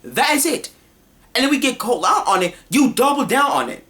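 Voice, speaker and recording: A woman's voice: high-pitched, big pitch swings, brisk, fairly bright tone. A woman delivering a heated, scornful rant as an online commentator, repeating her points and talking over herself. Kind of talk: ranting vlog monologue.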